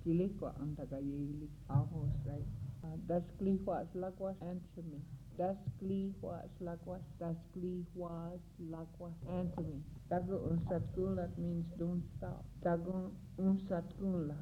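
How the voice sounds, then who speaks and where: A woman teaching a language, saying each word and phrase slowly and repeating it for learners. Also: lowish voice, steady tone, background noise. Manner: slow, careful repetition of words and phrases. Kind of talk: recorded language lesson, word drills. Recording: tinny phone-like recording.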